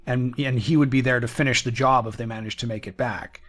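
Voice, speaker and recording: A man co-hosting a game playthrough, thinking aloud in casual chat with halting restarts. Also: mid-range voice, steady tone, fairly bright tone. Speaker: let's play co-host. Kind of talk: casual let's play discussion.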